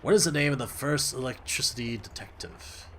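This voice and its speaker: Excitable, jokey man playing a game. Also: mid-range voice, fairly quick, slight background noise. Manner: jokey, excitable, often laughing at himself. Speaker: gameplay commentator. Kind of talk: let's play commentary.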